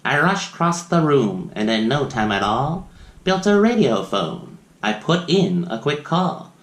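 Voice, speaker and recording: A man's voice: mid-range voice, big pitch swings, unhurried, fairly bright tone. A man reading a children's picture book aloud in sing-song rhyme, breaking off for playful asides to the young listeners. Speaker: children's story reader. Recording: roomy echo.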